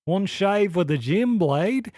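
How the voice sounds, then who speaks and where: A man's voice: sits high, lively intonation, slow pace, darkish tone, no echo, clean studio sound. A man co-hosting a podcast in a casual, joking chat, teasing his partner and trying out accents. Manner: playful, teasing, tries out accents. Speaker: podcast co-host.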